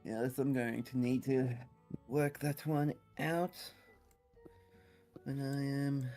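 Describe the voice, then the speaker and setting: Australian man, casual call-in guest, easygoing and quick to laugh. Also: medium pitch, faint music behind. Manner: relaxed and laughing often. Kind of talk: casual chat.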